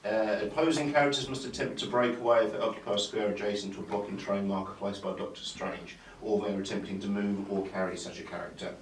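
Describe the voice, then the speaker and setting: A man's voice: fairly low pitch, steady tone, fast talker, few pauses. A man hosting a tabletop game, chatting casually with lots of hesitant ums and jokes at his own expense. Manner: chatty, self-mocking, hesitant with many ums. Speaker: tabletop game player and host. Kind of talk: casual gameplay banter. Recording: roomy sound from a distant mic with some noise.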